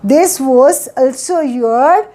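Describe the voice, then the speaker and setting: A woman gives a spoken lesson. Her voice sits high, and she talks at an unhurried, deliberate pace. She drills one simple question after another, repeating each pattern so learners can follow. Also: mellow. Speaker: English teacher.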